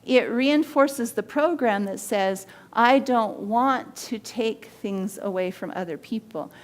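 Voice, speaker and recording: A woman with a fairly high voice teaches body language on her own show. She talks with energy and acts out the people in her stories to make her points. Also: slow pace. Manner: animated storyteller who acts out quoted voices.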